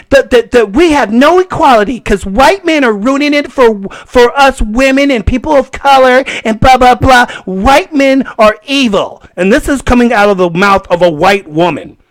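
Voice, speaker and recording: Animated, high-voiced podcast man. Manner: animated and laughing, acts out voices. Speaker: podcast host. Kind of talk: solo podcast rant.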